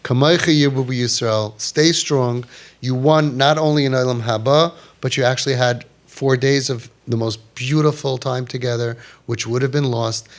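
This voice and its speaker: Man, animated, counsels parents, Hebrew and Yiddish phrases, mid-pitched voice. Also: moderate pace. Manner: animated, acts out quoted parents and kids in raised voices; sprinkles Hebrew and Yiddish religious terms. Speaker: parenting podcast host giving guidance. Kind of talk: passionate advice talk to parents.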